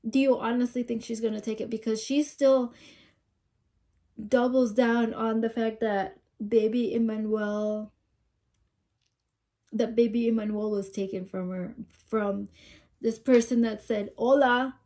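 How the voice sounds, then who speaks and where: A woman's voice: on the high side, level tone, a little slow, long pauses, dark tone. A woman hosting a casual commentary channel, musing aloud and asking rhetorical questions.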